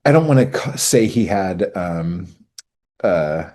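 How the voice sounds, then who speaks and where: A man co-hosting a podcast in casual chat, telling stories in a profane, animated way. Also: low voice, takes it slowly. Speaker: podcast co-host.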